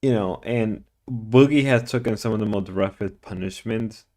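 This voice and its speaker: A man's voice: fairly low pitch, moderate pace, warm tone. A man co-hosting a stream, making wry side comments on the drama. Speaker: stream co-host. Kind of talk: casual commentary.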